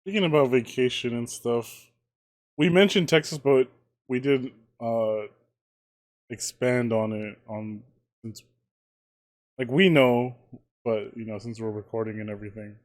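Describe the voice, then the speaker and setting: Casting: young man, halting casual podcast co-host, trails off. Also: medium pitch, steady tone. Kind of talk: casual chat.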